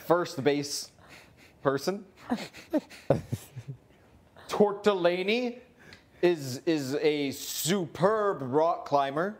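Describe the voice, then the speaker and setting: Brief: playful woman houseguest, giggly, drawn-out unhurried delivery, body mic. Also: on the low side, lively intonation, a little mellow. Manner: giggly, playful, laughs between words. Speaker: reality show houseguest. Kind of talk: casual chat.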